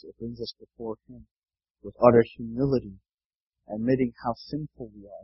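Husky-voiced man preaching a sermon. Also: medium pitch, no room sound, highs cut off. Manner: earnest, repeats words, asks "right?".

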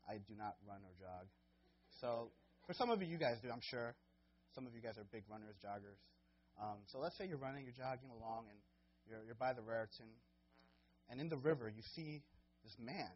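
A young man preaching a casual sermon in a husky, slightly breathy voice. He talks haltingly with fillers and restarts, and gets loud and high when he acts out little scenes. The recording sounds dull and lo-fi. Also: animated. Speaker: guest preacher.

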